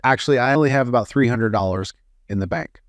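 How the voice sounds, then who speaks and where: A man's voice: mid-range voice, fast talker, no room sound, studio quality. A man reading a string of jokes aloud in a plain storytelling way, with frequent "uh" fillers. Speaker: joke reader.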